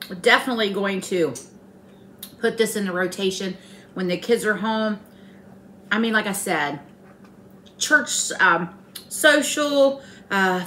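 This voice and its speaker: A woman's voice: mid-range voice, pushed and bright, a little hiss or hum. Chatty woman cooking at home. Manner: chatty, folksy, teasing. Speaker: home cooking channel host. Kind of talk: casual cooking demonstration. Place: home kitchen.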